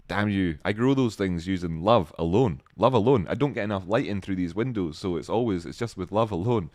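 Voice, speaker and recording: Excitable man hosting a stream. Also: fast, few pauses, no echo, studio quality. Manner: excitable, joking, with sudden high exclamations. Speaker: livestream host. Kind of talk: casual chat reading viewer comments.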